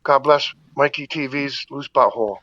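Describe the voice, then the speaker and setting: A man posing as a deadpan prank caller mumbles through a muffled, distant call-in line. The voice sits at a medium pitch and sounds dry. His flat delivery never lifts. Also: normal speed, no room sound, lightly acted. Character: male caller faking a show regular.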